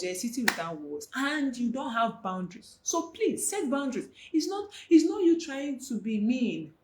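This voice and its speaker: Female marriage coach, animated and direct, slightly high voice, roomy echo. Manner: earnest, animated, addresses the listener directly. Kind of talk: motivational talk to young women.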